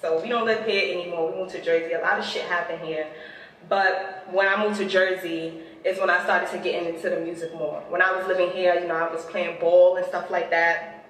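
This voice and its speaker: In a fairly low, flat voice and at a slightly quick pace, a Bronx woman with a New York accent walks through her neighborhood, chatting in street slang about the place and her youth there. Captured outside on city streets, the audio is echoey and distant, with loud street sounds.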